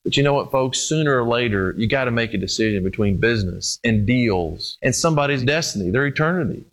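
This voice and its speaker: A man preaching a sermon, talking straight to his listeners and swinging from loud, emphatic peaks down to low, hushed storytelling. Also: animated, brisk. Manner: speaks directly to the congregation, addressing them as folks and guys.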